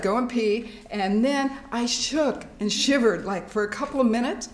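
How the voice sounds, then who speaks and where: A middle-aged woman giving a workshop talk to a live audience, animated and laughing often as she acts out fearful thoughts. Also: on the high side, unhurried, hardly any pauses. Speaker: workshop speaker. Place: hospital meeting room. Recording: echoey room.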